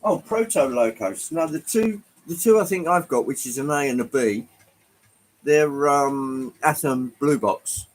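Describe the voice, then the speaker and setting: Man, livestream host, casual chat, husky voice, middle pitch, hesitant and rambling. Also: expressive, measured pace, low-quality recording. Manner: rambling, hesitant, with frequent ums. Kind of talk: casual chat with live chat viewers.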